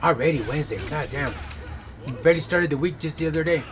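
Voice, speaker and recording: A man's voice: on the high side, fast, soft background music. A male game streamer chatting casually with viewers, rambling and loose with lots of fillers and self-corrections. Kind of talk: casual chat.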